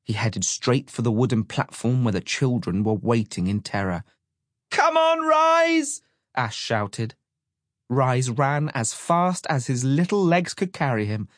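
Slow, dramatic male storyteller. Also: mid-range voice, no room sound, clean studio sound. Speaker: narrator. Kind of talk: audiobook narration.

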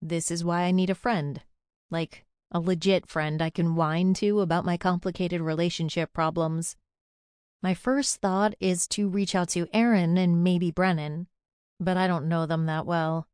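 A woman's voice: on the low side, steady tone, unhurried, darkish tone, clean tone, no room sound, clean studio sound. A young adult woman narrating a first-person audiobook in a chatty, confiding way.

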